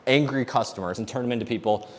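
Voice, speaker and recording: A man's voice: mid-range voice, quick pace. A young man who runs a coaching business, talking bluntly and energetically in a casual vlog from his home gym, swearing freely. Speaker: business owner and coaching company CEO.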